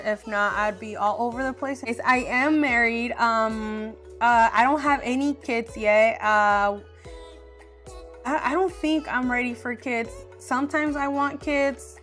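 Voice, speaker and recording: A young woman from Arizona talks straight to camera in a relaxed get-to-know-me vlog. Her voice sits a little high, and she rambles candidly with plenty of ums. Faint music plays softly underneath. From Arizona, USA. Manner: chatty, candid, frequent fillers. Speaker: beauty vlogger.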